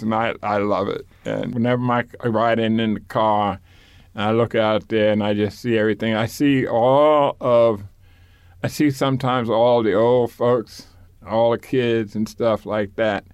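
A man's voice: mid-range voice, clean tone, no room sound, clean studio sound. Older man reminiscing, rambling. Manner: rambling, repeats words, chuckles. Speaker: interviewee. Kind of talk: oral history interview, reminiscing.

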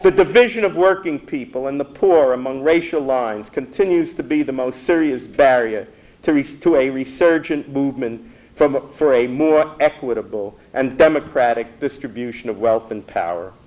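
A man reading a prepared history talk in a measured, earnest way, with a few stumbles. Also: mid-range voice, a little mellow, muffled recording. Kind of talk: read lecture.

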